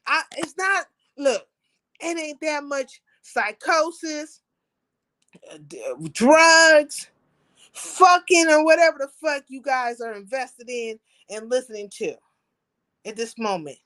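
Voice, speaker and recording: A woman's voice: high-pitched, unhurried, a bit bright, no room sound. A woman hosting a livestream, talking to her viewers in an emphatic, profane, preachy way. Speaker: livestream host. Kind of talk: impassioned livestream rant.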